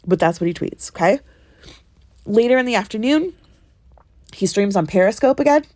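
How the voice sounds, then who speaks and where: A woman with a cold-stuffed nose recaps a timeline for a casual podcast, pausing often to ask "okay?" and "right?". Her voice is dry and close, with no room sound around it. She was recorded on a phone in a small cabin. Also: mid-range voice, lively intonation, a little mellow, dry recording. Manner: recounts a timeline step by step, checking in with "okay?" and "right?". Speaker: podcast co-host. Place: ship cabin on vacation.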